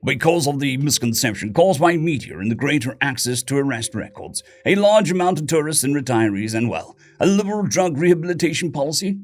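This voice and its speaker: A man voicing a precise, skeptical young man in a suit who speaks in a dry, deadpan way. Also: fairly high pitch, a little fast, hardly any pauses, voice pushed up.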